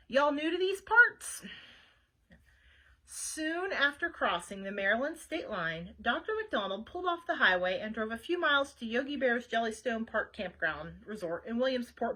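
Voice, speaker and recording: A woman's voice: on the high side, pushed and bright, rough recording. A woman librarian reading a children's book aloud with chatty asides to young listeners.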